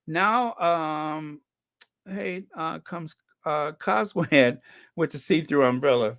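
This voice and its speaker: A man's voice: on the high side, slow, gravelly, a bit bright. A man hosting an online channel, chatting casually and reading out viewer comments with opinionated, mocking asides. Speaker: channel host.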